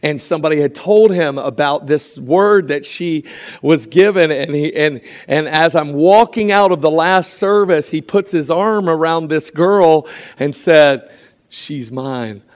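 A man preaching a sermon, telling lively stories and acting out quotes, with frequent restarts. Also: a little high, unhurried. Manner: animated storytelling with acted quotes and frequent restarts.

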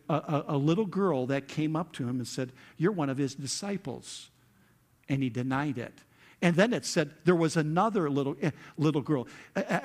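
A male pastor preaches with a slightly higher voice than most men. He retells the scripture story with animated energy and acts out the characters' lines as he goes. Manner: animated storytelling, acts out quotes with rising intensity. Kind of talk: sermon.

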